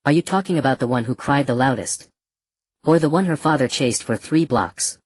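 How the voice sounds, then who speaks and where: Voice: mid-range voice, normal speed, breathy edge, no room sound, clean studio sound, lightly acted. A narrator voicing a cruel, mocking male slave trader in a black robe, speaking casually and scornfully. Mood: cold mockery. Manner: casual, scornful, matter-of-fact.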